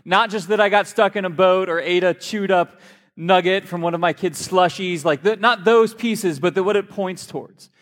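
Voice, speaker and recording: A man preaching a sermon in a church, a lively, joking storyteller. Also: sits high, normal speed. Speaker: pastor. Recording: long hall reverb.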